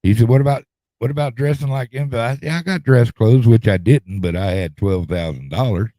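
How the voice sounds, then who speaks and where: Speaking a bit quickly in a mid-range, dark-toned voice, a middle-aged man rambles through a long story on his podcast. He has a folksy drawl and keeps repeating himself. The audio has no echo.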